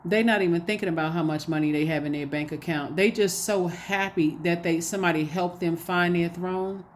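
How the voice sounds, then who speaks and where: Animated low-voiced woman tarot reader. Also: fairly quick, a little hiss or hum. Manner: animated, repetitive, preachy exhortations. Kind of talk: casual spoken tarot reading.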